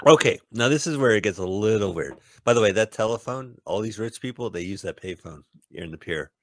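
A man's voice: fairly low pitch, lively intonation, a little fast, dry recording, studio quality. A man hosting a podcast, giving jokey, casual commentary over a movie. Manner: jokey, riffs on the film, playful bits of voices. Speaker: podcast host.

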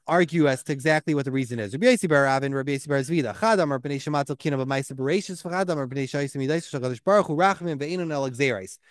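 A man teaching a Talmud lesson in an animated, emphatic way, often asking rhetorical questions. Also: fairly high pitch, no echo, clean studio sound. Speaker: Torah teacher. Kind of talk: Talmud lecture.

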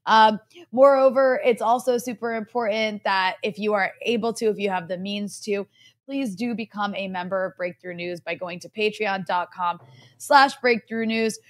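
A woman's voice: medium pitch, moderate pace. A woman co-hosting a political talk show, sardonic and emphatic, with many "like" fillers. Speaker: co-host. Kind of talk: casual political commentary.

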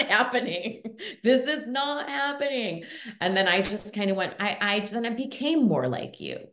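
A woman hosting a podcast who talks in an emotional, rambling way, close to tears. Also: low-pitched. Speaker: podcast host. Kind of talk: podcast interview. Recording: echoey room.

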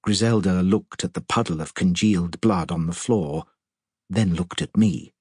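A man with a husky voice narrating an audiobook in an expressive storytelling manner. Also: sits low, normal speed, no echo, studio quality.

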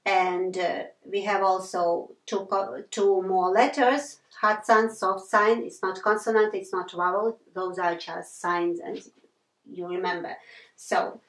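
Female teacher, slow and patient, roomy echo, mic set back. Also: medium pitch, level tone. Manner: patient, repeats sounds many times, apologizes for slips. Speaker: language teacher. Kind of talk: slow whiteboard lesson with repeated examples.

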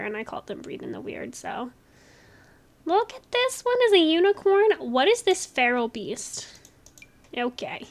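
A woman hosting a casual gaming video, chatting and gushing as she plays. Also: high voice. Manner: bubbly, gushing, quick with laughs. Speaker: gaming channel host. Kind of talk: casual gameplay commentary.

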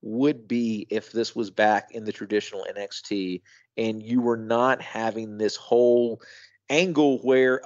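A man co-hosting a wrestling podcast, talking in a casual, thoughtful way with halting restarts and emphatic asides. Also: medium pitch, no echo, muffled recording. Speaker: podcast co-host.

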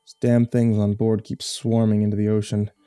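Male horror storyteller, low and mellow, measured reading, dry mic. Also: monotone, smooth, no echo, soft background music. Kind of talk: scripted horror narration.

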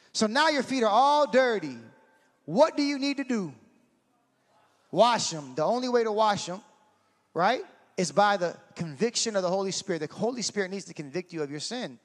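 Animated preacher man, high voice, hall reverb. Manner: animated, acts out scenes, swings from shouting to hushed. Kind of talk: sermon.

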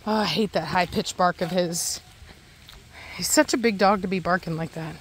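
This dog owner vlogger talks in a fairly low voice at a moderate pace, with slight background noise. She narrates her farm chores casually and chattily, rambling as she works with her dogs in a yard that has a garden and livestock.

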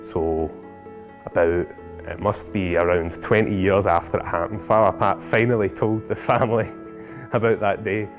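A man telling a family anecdote in a lively, animated, chuckling way. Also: deep voice, normal speed. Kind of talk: casual storytelling. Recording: music behind.

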